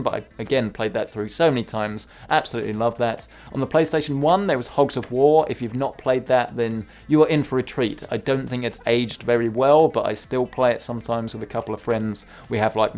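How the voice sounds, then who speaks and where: A young man chats casually to camera as a tech YouTuber. His voice sits at a middling pitch, and he talks in a friendly, self-deprecating way. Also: a little fast, few pauses, darkish tone. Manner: chatty, self-mocking. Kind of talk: casual chat.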